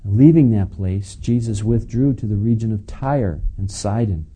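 Man, pastor, conversational sermon, very dark tone, somewhat low voice. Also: lively intonation, moderate pace, breathy edge, poor audio. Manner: conversational, asides to the congregation. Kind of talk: sermon teaching.

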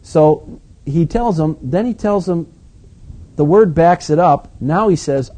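A male pastor delivering an animated, emphatic sermon with conversational asides. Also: a little high, a little slow.

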